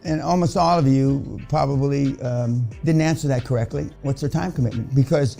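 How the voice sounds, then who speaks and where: A man's voice: on the high side, normal speed, vocal fry, hardly any pauses, a little mellow, faint music behind. An older man giving a blunt, profane motivational lecture to a seminar audience, rambling with many restarts. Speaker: seminar speaker.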